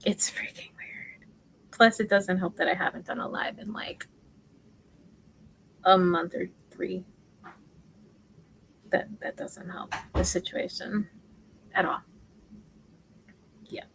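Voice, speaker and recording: Whispering in a fairly low, fairly bright voice with vocal fry and fairly even intonation, a woman teaches crochet on a casual livestream. She's slow, chatty and self-deprecating, often murmuring stitch counts, and the recording quality is low.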